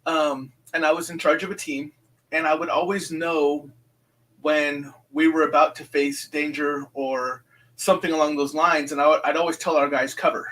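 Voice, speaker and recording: A man's voice: a little high, level tone, moderate pace, a bit bright, poor audio. A man in his fifties, a guest telling stories in a casual interview, rambling with many fillers and restarts and acting out what people said. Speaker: guest, psychic medium.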